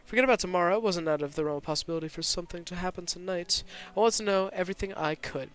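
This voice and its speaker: A man narrating a story at a rapid clip, his voice slightly high. He reads tense first-person scenes as a streamer, breaking off now and then for asides. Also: fairly bright tone, smooth, faint music behind. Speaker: streamer reading a visual novel aloud.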